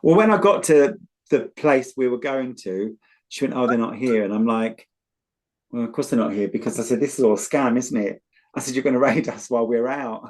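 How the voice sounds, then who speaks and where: British male tarot reader, mid pitch, chatty and blunt. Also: fairly quick, a little mellow. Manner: chatty storyteller, earthy and blunt. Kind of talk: casual chat and tarot reading.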